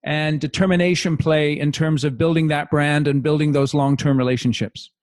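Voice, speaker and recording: A man's voice: fairly high pitch, steady tone, normal speed, a little mellow. Male podcast host asking questions. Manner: conversational, asks follow-up questions. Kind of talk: interview.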